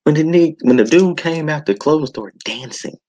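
A man's voice: fairly high pitch, normal speed, a little mellow, low-quality recording. A man hosting a podcast, ranting in a casual, exasperated way with sighs and restarts. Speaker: podcast host. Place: home setup.

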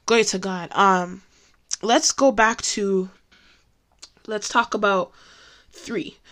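A woman's voice: medium pitch, slow pace, a bit bright. A woman leading a casual devotional Bible study, talking candidly and laughing often.

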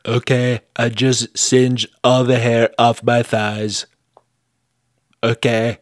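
A man's voice: medium pitch, monotone, slow, dry recording, clean studio sound. Easygoing man co-hosting a podcast. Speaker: podcast co-host. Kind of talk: casual comedic chat.

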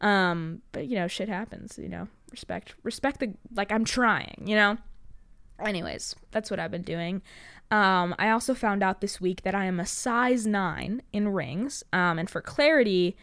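A teenage girl rambles through her podcast, full of fillers, swear words and self-mocking humor. Her voice is smooth and clear, sitting at a middle pitch. The sound is close and dry, with no room around it. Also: a little slow, a bit bright, no room sound. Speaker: podcast host. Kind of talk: casual solo podcast chat.

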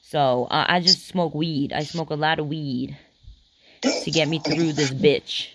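Laid back speaker stumbling over words, mid pitch, little hiss in the background. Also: fairly even intonation, measured pace. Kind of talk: casual chat.

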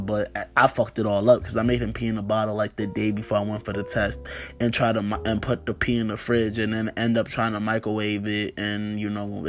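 A man in his twenties hosting a podcast, telling a story in a rambling, profane way, full of "like" and "you know". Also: on the low side. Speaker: podcast host. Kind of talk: casual storytelling monologue.

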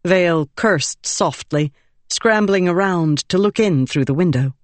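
An audiobook narrator reading a fantasy novel in a measured, expressive storytelling manner. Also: mid-range voice, dry recording.

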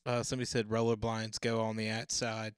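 A man's voice: lowish voice, completely flat delivery, brisk, clear, resonant tone, dry recording, clean studio sound. A man from the United States, co-hosting a casual chat, giggly and reading questions aloud.

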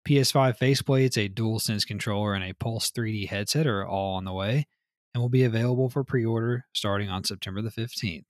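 Low-voiced man, profane podcast host. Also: a little fast, no echo, studio quality. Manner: reads news items then riffs loosely, swears often. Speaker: podcast co-host reading news. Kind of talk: casual profane podcast chat.

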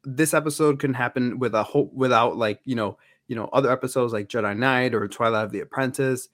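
This male podcast co-host has a mid-range, fairly bright voice and talks fairly quickly. The studio-quality recording has no echo, and his casual fan chat rambles with many fillers and restarts.

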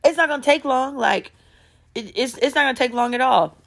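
A man's voice: very high-pitched, brisk, gravelly, a bit bright, pitched above the performer's own voice, heavily acted. A woman voicing an oblivious, pushy older man who talks in a breezy, insistent way. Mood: nonchalant.

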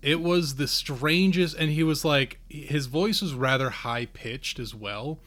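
A man's voice: a little high, a little slow, fairly bright tone. A young man co-hosting a podcast, telling a personal story in casual chat, often hesitating and restarting. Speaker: podcast co-host.

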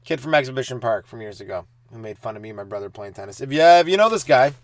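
A man in his thirties hosting a comedy podcast, telling stand-up stories and acting out the people in them with sudden loud, high bursts. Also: fast, no room sound. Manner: animated, acts out kids' taunts with sudden loud high bursts. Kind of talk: comic storytelling monologue.

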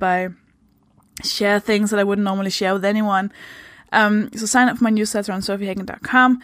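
A woman's voice: medium pitch, fairly quick, no room sound, studio quality. Chatty swearing woman podcast host. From Denmark. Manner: chatty, swears freely, laughs often. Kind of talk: casual podcast chat.

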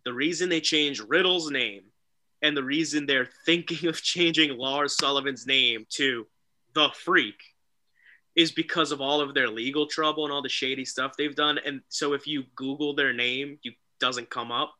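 A man co-hosting a casual wrestling talk show, excitable and animated, often mimicking people. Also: mid-range voice, normal speed. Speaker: podcast co-host.

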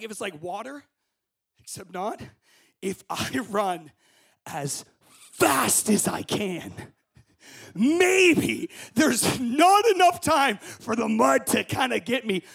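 A young man telling a story to a group as a camp speaker, acting out scenes with shouts and voices. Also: very high-pitched, animated, moderate pace, gravelly.

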